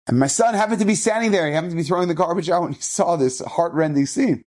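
A man's voice: fairly high pitch, quick pace, darkish tone. A middle-aged man, a rabbi, telling an inspirational story in an earnest, emphatic way, often repeating his phrases.

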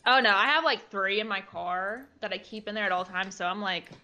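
A woman's voice: mid-range voice, fairly quick, bright, forceful tone. A woman in her twenties, a guest streamer, chatting casually and bubbly with lots of "like". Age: 20s. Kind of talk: casual chat.

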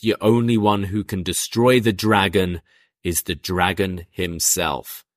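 A grave, vengeful male wrestler, read out by a man. The voice is lowish and close, with no room sound. He delivers his threats steadily. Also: fairly even intonation, a little slow, no room sound. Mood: threatening.

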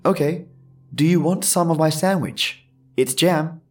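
A man voicing a curious, friendly young child in a spooky story, eager and bright in manner. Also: fairly high pitch, unhurried, far from the mic, soft background music, voice pushed up, natural voice.

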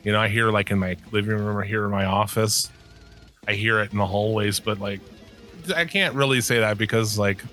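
A man's voice: lowish voice, fairly even intonation, brisk, sharp tone, faint music behind. A middle-aged man in casual, crude conversation, rambling through stories with lots of swearing and laughing.

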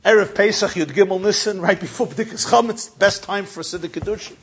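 High-voiced man telling a story. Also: fairly quick, few pauses, slightly rough. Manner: lively, dramatic storytelling. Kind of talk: told inspirational story.

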